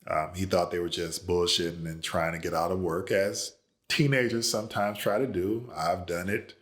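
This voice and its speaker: A man, an author, casually telling a family story in a relaxed, conversational way. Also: low-pitched, moderate pace.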